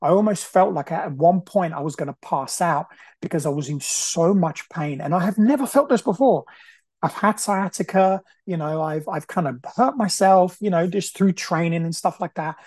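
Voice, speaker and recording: A man's voice: a little high, a little mellow, husky, dry recording. A man, earnestly telling a personal story as a podcast host, often repeating himself and restarting sentences.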